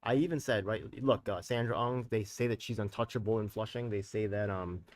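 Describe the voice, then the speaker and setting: A man hosting a live stream as a community activist. He talks in a heated, profane, rambling way, full of street slang, and keeps turning to his viewers with quick tag questions. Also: fairly low pitch, far from the mic.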